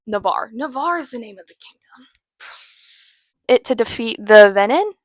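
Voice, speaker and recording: A woman's voice: on the high side, lively intonation, moderate pace, dry recording. A woman hosting a casual book recap, talking in a rambling, chatty way with self-mocking asides. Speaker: host.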